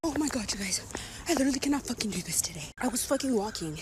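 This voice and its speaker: A woman's voice: a little high, animated, racing, noisy background. A woman out of breath, telling a story to camera as a profane, exasperated rant.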